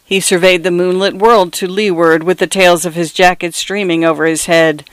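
A man narrating a story in a measured, descriptive reading, sometimes turning to speak directly to the listener. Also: sits high, fairly even intonation, a bit bright, clean tone, no echo.

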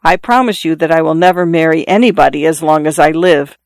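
A storybook narrator voicing a small, coy little girl who speaks slowly and thoughtfully. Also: medium pitch, no room sound, studio quality, natural voice. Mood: calm.

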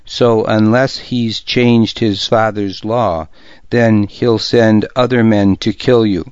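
A bitter, defiant lady of rank, read by a man in an audiobook. She speaks in a stern, sharp manner, low and slow. The recording is dry and slightly dull. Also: fairly even intonation, no echo. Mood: scornful. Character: proud, bitter, defiant noblewoman and mother. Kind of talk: audiobook character reading.

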